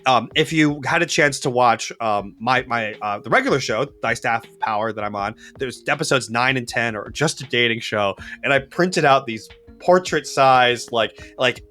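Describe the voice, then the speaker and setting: A man co-hosting a casual chat, giving game-running advice in an animated way and often tagging his sentences with "right?". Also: mid-range voice, normal speed, hardly any pauses, soft background music.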